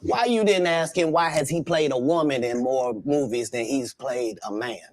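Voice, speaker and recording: A man giving an interview, ranting in an emphatic, argumentative way. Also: medium pitch. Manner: emphatic, argumentative, rapid-fire. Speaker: interview guest. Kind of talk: heated interview rant.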